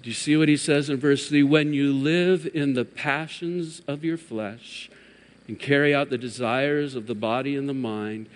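A man preaching a sermon as pastor, swinging from emphatic raised peaks to hushed, quiet drops. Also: mid-range voice, normal speed. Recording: long hall reverb.

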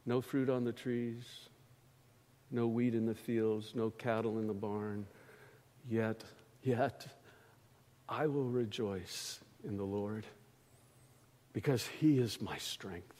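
A man preaching a sermon in a church, slow and emphatic, swelling loud on key phrases and dropping low between them. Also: fairly even intonation. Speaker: pastor. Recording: reverberant church hall.

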